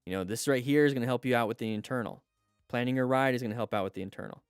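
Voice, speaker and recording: A man's voice: mid-range voice, racing, clean tone, no echo, faint music behind. Man coaching riders over videos. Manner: coaching, asks questions and answers them; excited exclamations at near misses. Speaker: motorcycle riding instructor and host. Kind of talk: commentary on riding videos.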